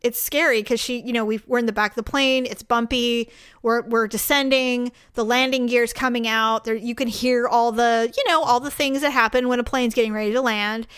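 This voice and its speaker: A woman's voice: fairly high pitch, fairly even intonation, normal speed, a bit bright, smooth, dry recording, clean studio sound. A woman telling an indignant travel story in casual chat, acting out the people she quotes.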